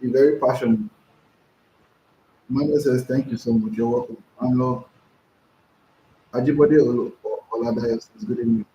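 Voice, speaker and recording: A man's voice: medium pitch, normal speed, vocal fry, long pauses, darkish tone. A man hosting a casual live stream, reading out viewers' comments and answering them, often repeating himself. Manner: chatty, repeats himself, reads comments aloud. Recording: roomy, dull lo-fi sound with faint noise.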